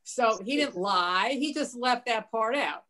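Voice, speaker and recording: Woman asking questions in a class, thoughtful, sorta high pitched. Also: lively intonation, unhurried, sharp tone. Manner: inquisitive, thoughtful. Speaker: class participant.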